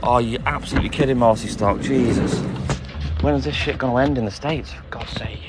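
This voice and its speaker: List: man, mid-pitched voice, chatty, casual swearing, music playing behind. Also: brisk, rough recording. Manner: chatty, greets viewers by name, swears casually. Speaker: milkman live streamer. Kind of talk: casual live-stream chat. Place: delivery van on a milk round.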